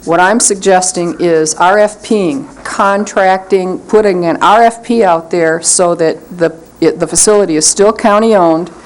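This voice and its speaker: A woman's voice: on the low side, a little slow, few pauses, poor audio. A woman on a county commission, explaining her proposal firmly during a planning meeting. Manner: explanatory, firm. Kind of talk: meeting discussion.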